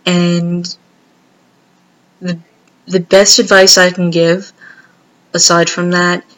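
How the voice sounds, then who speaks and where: Woman, gentle earnest vlog message, low voice, slow and halting. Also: flat delivery, poor audio. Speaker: vlogger. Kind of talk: heartfelt direct-to-camera message.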